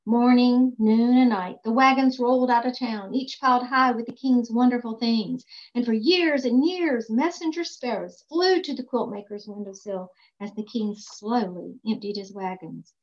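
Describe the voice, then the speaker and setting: A woman reads a storybook aloud, expressive and emphatic, slowing down on key phrases. Her voice sits fairly high. The recording is dull and lo-fi.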